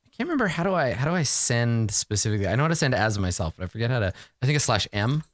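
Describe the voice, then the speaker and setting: A man running a tabletop game as dungeon master, narrating scenes and talking quickly with his players in asides. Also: medium pitch, big pitch swings, no echo.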